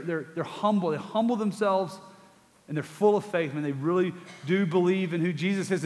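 A male pastor delivers a sermon in a casual, conversational manner, full of rhetorical questions and repeated words. His voice sits high for a man. It rings out with a long reverb, as if in a large church hall.

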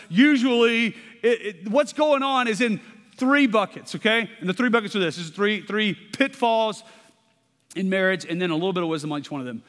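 A pastor in his thirties preaches in a conversational way, frequently asking "okay?" and repeating words as he restarts. His voice is high-pitched and a bit bright, and the recording carries a long hall reverb.

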